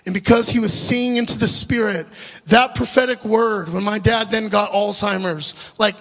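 A man preaching a storytelling sermon, animated and laughing at his own asides, addressing the congregation directly. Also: sits high, normal speed, gravelly. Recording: live sermon with long hall reverb.

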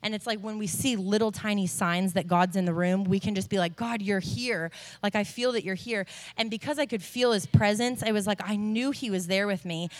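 A young adult woman giving a sermon testimony, telling a story in an animated way with lots of fillers. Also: mid-range voice, fairly quick. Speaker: preacher.

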